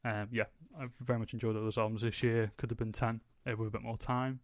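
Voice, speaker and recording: A man's voice: on the low side, flat delivery, quick pace, no echo, studio quality. A young man hosting a podcast, chatting casually and rambling with lots of fillers. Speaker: podcast host. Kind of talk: casual chat.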